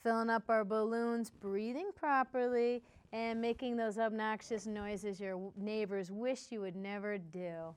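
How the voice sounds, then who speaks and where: A woman's voice: mid-range voice, steady tone, unhurried, few pauses, clear, resonant tone. A woman hosting a playful singing lesson, encouraging listeners and demonstrating with hums and cat sounds. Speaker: music teacher and show host. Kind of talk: kids-style singing lesson.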